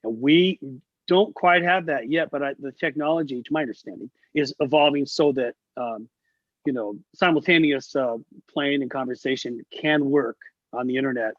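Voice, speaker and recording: Here a middle-aged man, a visiting musician, chats in a mid-range voice at normal speed during an informal video-call interview. He's a lively storyteller who performs the voices of those he quotes; the lo-fi call audio sounds dull and carries no room sound.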